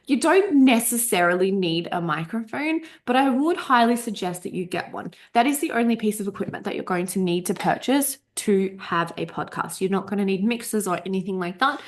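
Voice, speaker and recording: A woman's voice: mid-range voice, lively intonation, fairly quick, few pauses. A woman coach in her thirties giving a casual spoken workshop, chatty and emphatic, swearing freely and tripping over her words, a little coughy, recorded on a desk microphone over a video call. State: a bit coughy. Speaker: coach running a podcast workshop. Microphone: desk USB microphone over a Zoom recording.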